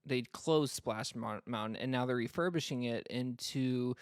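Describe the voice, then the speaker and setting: A man's voice: mid-range voice, moderate pace, clear, resonant tone, no echo. Rambling man from Florida, dry mic. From North Florida, US South. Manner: rambling, many fillers and restarts. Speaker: podcast co-host. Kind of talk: casual chat.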